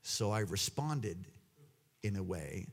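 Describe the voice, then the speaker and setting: A man preaching a sermon, swinging between loud exclamations and hushed asides. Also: low voice, lively intonation, slow pace, gravelly.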